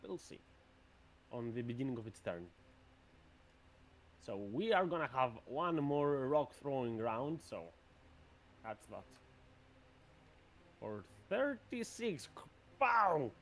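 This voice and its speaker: A man narrates a tabletop session as game master, his pitch leaping up and down as he describes the action. He keeps an ordinary middle register and fills the pauses with "uh". The delivery sounds loose and lively. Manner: animated, rolling narration with fillers.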